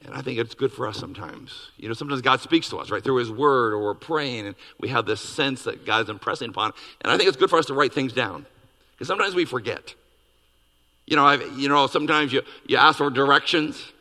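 A man preaching a sermon as pastor, animated and acting out quoted dialogue with big swings in his voice. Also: mid-range voice, a little fast. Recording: long reverb of a hall.

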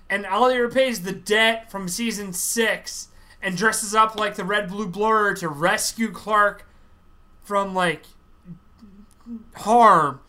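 A man hosting a podcast, recapping a TV series in animated casual chat, acting out quotes as he goes. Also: high voice, measured pace.

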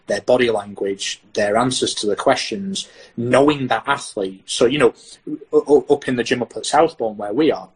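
A man's voice: mid-range voice, slightly rough, poor audio. A British man, a sports science lecturer, talking through research in a podcast interview and acting out what athletes and coaches say. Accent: British English. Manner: animated, acts out athletes' and coaches' lines.

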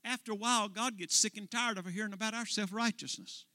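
Male pastor, very high and piercing voice, rhythmic sermon delivery with "uh" fillers. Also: steady tone, quick pace, no echo. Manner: rhythmic preaching, 'uh' before each phrase, builds to shouts.

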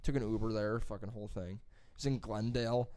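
A man's voice: lowish voice, brisk, smooth, no room sound. A young man in his twenties telling a story in casual chat, acting out the other people's lines and laughing often. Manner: animated storyteller, acts out quotes, laughs often, swears casually.

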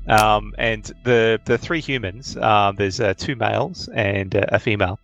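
A man narrating as game master for a tabletop game, pausing often with ums and uhs. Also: fairly low pitch, creaky, fairly bright tone, dull audio, faint music behind. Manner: hesitant, many ums and uhs.

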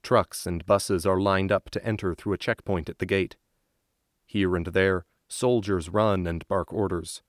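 A man with a very low voice reads a story aloud as narrator, slow and measured. The recording is close and dry, with no room sound. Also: fairly even intonation, no echo. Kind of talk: scripted audiobook narration.

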